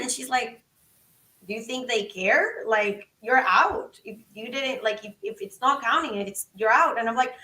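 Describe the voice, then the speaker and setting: A woman guest on a podcast, telling a story in an animated, excitable way and acting out the quotes. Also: fairly high pitch, normal speed, echoey room, far from the mic, rough recording. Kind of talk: casual storytelling.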